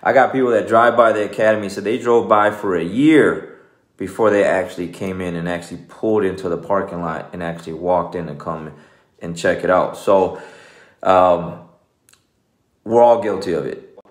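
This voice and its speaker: His voice sits low and his pace is moderate as the jiu-jitsu coach, a man in his forties, rambles through a conversational motivational talk. Fillers like "man" and "you know" come up constantly, and the room echoes.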